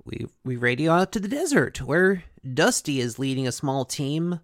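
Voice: medium pitch, very animated, normal speed, no room sound, studio quality. A host casually recapping a cartoon episode, chatty, with many fillers and asides.

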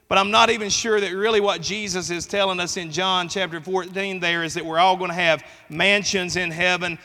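A man with a high, bright voice preaches a sermon to his congregation. He speaks earnestly and rises in force on the words he stresses. The sound rings with the long reverb of a church hall. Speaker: pastor. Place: church sanctuary.

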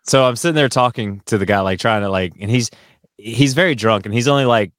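A man's voice: mid-range voice, a little fast, a bit bright, dry recording, studio quality. A man co-hosting a casual chat podcast, telling a long story in a rambling way with many fillers and restarts. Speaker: podcast co-host.

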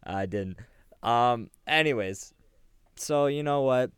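Smooth-voiced young man telling jokey stories. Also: mid-range voice, slow, no echo. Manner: joking, storytelling, crude. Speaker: podcast co-host. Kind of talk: casual chat.

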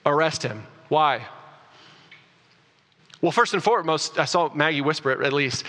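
A man preaching a sermon as pastor, animated, rising loud for emphasis and restarting his words. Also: on the high side, moderate pace. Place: church sanctuary. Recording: long reverb of a church hall.

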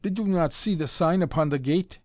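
An excitable, pale young lab assistant, as a male reader puts him on, stiff and stilted in his English, pitched well above the reader's own voice and pushed loud. The dry, close audiobook sound leaves no room around him. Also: moderate pace, no echo, natural voice. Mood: angry. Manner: stilted, agitated, pleading. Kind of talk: audiobook character voice.

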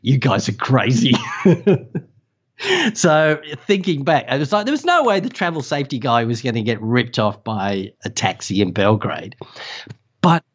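An Australian man, a travel safety writer, telling a story in a casual, animated way and laughing often. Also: medium pitch, moderate pace, dull audio. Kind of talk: casual anecdote.

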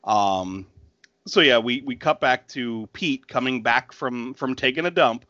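A man's voice: mid-range voice, unhurried, bright, forceful tone, dry recording, dull audio. A man in his thirties casually recapping a film scene by scene, laughing and acting out the characters' lines. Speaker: podcast co-host. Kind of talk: casual movie recap chat.

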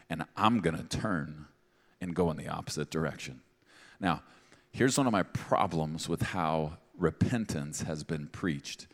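A very low-voiced man preaches to a congregation, talking like he's chatting with them but hitting his points hard and tossing in playful asides. His voice rings out with a long reverb, the sound of a big church auditorium. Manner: conversational and emphatic, with playful asides. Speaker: pastor. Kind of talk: sermon.

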